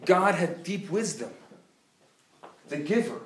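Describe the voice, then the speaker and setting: Animated man teaching a live class. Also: high-pitched, takes it slowly, a little hiss or hum. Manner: animated, playful storyteller who acts out dialogue. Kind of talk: live lecture with storytelling. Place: classroom at a community center. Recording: roomy live room sound.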